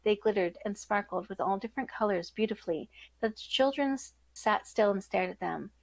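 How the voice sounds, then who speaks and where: A woman podcast host reading a fairytale aloud in a steady storybook manner. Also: medium pitch, brisk, vocal fry, no echo, poor audio. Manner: steady storybook narration with self-corrections.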